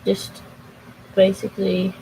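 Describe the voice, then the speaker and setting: A young woman on a live stream at her home computer, talking in an unhurried, meandering way with plenty of pauses and restarts. Her voice sits mid-range, and a faint room hum runs behind her. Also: medium pitch, monotone, warm tone, low-quality recording. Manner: slow, rambling and halting, talking to chat. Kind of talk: casual live stream chat.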